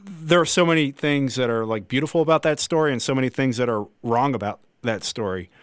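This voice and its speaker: Male podcast host, laid-back and clear-voiced, dry studio sound. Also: mid-range voice, fairly quick, no echo. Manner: easygoing, self-deprecating. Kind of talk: casual podcast chat.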